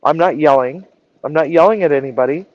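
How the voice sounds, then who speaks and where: A woman's voice: sits low, fairly quick, a little mellow, no echo, dull audio. A woman chef telling a story in a casual live stream, acting out the dialogue and swearing freely. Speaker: chef and culinary director.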